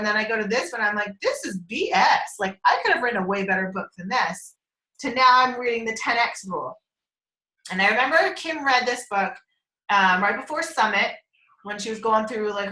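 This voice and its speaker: This team member's voice is a little high, bright and forceful as she rambles through a casual group call, laughing a lot and swearing offhandedly. The audio comes through a conference call line in an echoey room.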